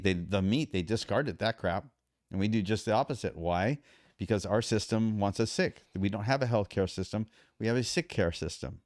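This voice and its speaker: Casting: a male podcast guest, smooth low voice, animated storyteller. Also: no room sound, clean studio sound. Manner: animated storyteller with many restarts. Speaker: podcast guest, endurance athlete. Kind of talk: casual storytelling.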